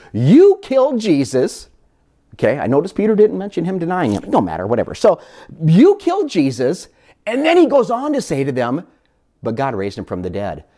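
A pastor delivers a sermon in a warm, mellow voice that swings widely in pitch. The preacher throws rhetorical questions at the congregation and repeats words while building each point. The delivery feels animated and direct.

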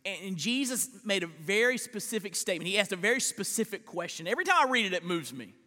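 A male pastor preaching a sermon, swinging between loud emphatic lines and hushed slow ones, often repeating words as he starts a phrase. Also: high voice, very animated, big-room sound. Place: church sanctuary.

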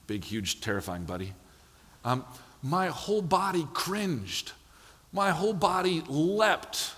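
A man delivers a sermon, shifting between earnest teaching and playful acted-out asides. His voice sits a touch high for a man. The sound carries the long reverb of a church sanctuary. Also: measured pace. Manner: animated storytelling, acts out quotes. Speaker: pastor.

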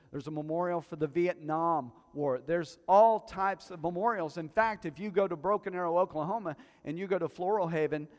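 A male pastor preaching a sermon to his congregation, telling stories with quiet asides that build to loud, emphatic peaks. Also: sits high. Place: church hall before a congregation. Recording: long hall reverb.

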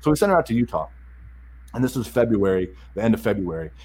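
A middle-aged man telling a story as a guest in a casual chat, animated, repeating words and acting out the dialogue. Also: fairly low pitch, fast, slightly rough, rough recording.

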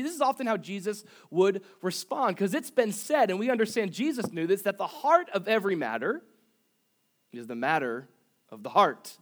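A man's voice: high voice, sing-song, normal speed. A man preaching a sermon as pastor, conversational, with humorous asides and rhetorical questions. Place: church service.

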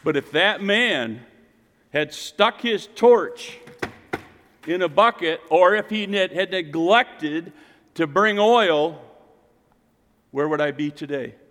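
Guy preaching a sermon, kinda high voice, big swings loud to quiet, church hall echo. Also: lively intonation, takes it slowly, long pauses. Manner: dynamic preaching, rising to loud exclamations and dropping to quiet intensity. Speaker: pastor. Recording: long reverb of a church hall.

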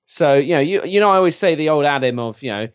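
A man from England with an English accent, co-hosting a casual podcast chat and talking in a lively, chatty way with quick asides. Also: a little high, clean tone, dry recording. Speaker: podcast co-host.

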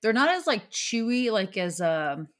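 A woman co-hosting a podcast, chatting casually and reading listener mail in a relaxed way. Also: medium pitch, unhurried. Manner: relaxed, says "dude", reads listener mail. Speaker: podcast co-host. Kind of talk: casual chat.

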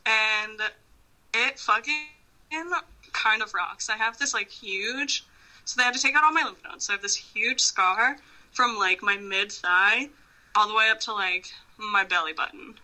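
A woman's voice: mid-range voice, measured pace, bright, forceful tone, low-quality recording. A woman guest chatting casually on a podcast, swearing often and breaking into laughs as she rambles. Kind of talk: casual phone chat.

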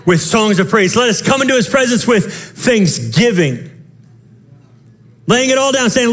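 High-voiced impassioned male pastor. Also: lively intonation. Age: young adult to middle-aged, father of children. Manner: impassioned preaching with sudden shouts and quick asides. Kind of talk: sermon.

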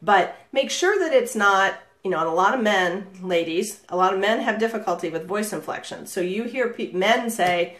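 Energetic middle-aged woman coach, roomy sound. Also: medium pitch, normal speed, hardly any pauses. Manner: lively inflection, energetic, laughs often. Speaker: real estate marketing coach. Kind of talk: live coaching session. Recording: roomy echo.

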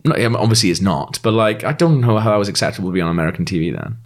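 A man's voice: on the low side, animated, very fast. A man co-hosting a podcast, chatting casually, swearing freely and acting out anecdotes. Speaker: podcast co-host. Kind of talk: casual chat.

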